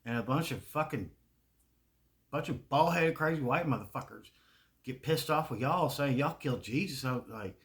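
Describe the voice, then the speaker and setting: Rambling Southern man with a bright voice. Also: mid-range voice, expressive, normal speed. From American South. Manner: rambling, profane, laughs often. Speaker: video creator. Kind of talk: casual rambling monologue.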